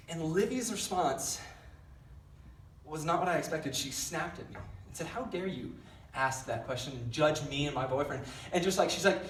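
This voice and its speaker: High-voiced young man preaching in an echoey hall. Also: fairly bright tone, distant mic. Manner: rambling, self-deprecating storytelling with many fillers. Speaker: youth pastor. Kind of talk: casual youth sermon. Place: large church hall.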